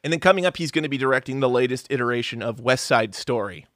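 A man's voice: mid-range voice, fast, a bit bright, dry recording, studio quality. A man co-hosting a casual movie review chat, running through cast lists and joking around. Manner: reads cast lists, sings and does silly voices. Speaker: podcast co-host.

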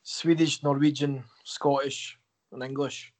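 A man's voice: mid-range voice, level tone, a little slow, darkish tone. A man guesting on a podcast as a hockey assistant coach, answering fan questions with self-deprecating jokes. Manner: joking, self-deprecating, chatty. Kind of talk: casual podcast interview.

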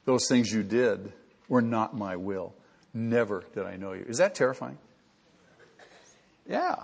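A man's voice: lowish voice, lively intonation, a little slow, vocal fry, pauses often, breathy edge, long reverb tail. A man preaching a sermon as pastor, earnest and rising to emphatic peaks.

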